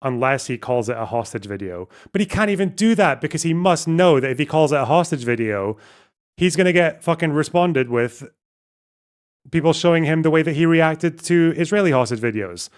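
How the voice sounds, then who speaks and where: A man's voice: fairly high pitch, lively intonation, fairly quick, smooth. Sardonic man hosting a livestream. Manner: sardonic, swears freely. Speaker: livestream host. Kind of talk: casual livestream commentary.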